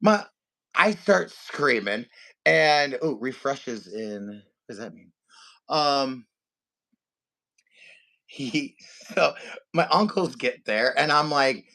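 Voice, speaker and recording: A man co-hosting a podcast, telling a family story in animated casual chat and acting out his relatives' voices. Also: mid-range voice, slow pace, creaky, long pauses. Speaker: podcast co-host.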